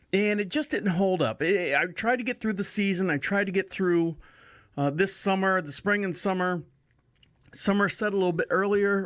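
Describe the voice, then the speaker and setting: A man's voice: high-pitched, a bit bright, no echo, studio quality. A man hosting a podcast, telling a rambling casual story and often restarting his phrases. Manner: chatty, repeats himself, restarts phrases. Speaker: podcast host.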